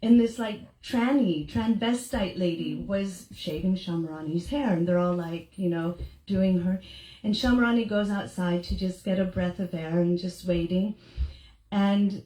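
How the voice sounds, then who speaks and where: A woman's voice: fairly low pitch, a little slow, warm tone. A middle-aged woman speaking as a devotional speaker to a gathering, telling anecdotes animatedly, acting out the people she quotes and laughing often. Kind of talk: storytelling talk to a gathering. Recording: echoey room.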